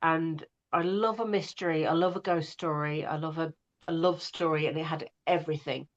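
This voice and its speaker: A woman's voice: sits low, steady tone, normal speed, lo-fi sound. A woman, an audiobook narrator, chatting in an interview and talking with many fillers and restarts. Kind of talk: casual interview chat.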